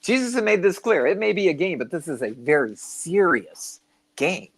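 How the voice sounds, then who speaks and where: A man's voice: a little high, animated, moderate pace, creaky, breathy edge. An older man, co-host of a spiritual talk show, telling rambling stories in casual chat and now and then losing his train of thought. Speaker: podcast co-host.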